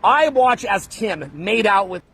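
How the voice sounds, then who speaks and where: A man's voice: high-pitched, animated, measured pace, fairly bright tone, slightly rough, dry recording. A man from Canada giving dating advice in a brash, blunt lecture style, calling his listeners bro. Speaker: dating coach.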